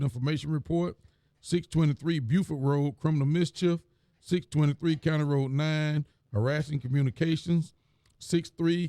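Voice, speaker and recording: A county sheriff with a fairly high, warm voice reads the week's reports on a live stream, speaking plainly and folksily and repeating phrases. The recording is dry and studio-clean.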